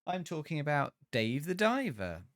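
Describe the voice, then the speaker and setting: A man hosting a podcast, reading a scripted game review in a measured, steady way. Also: fairly high pitch.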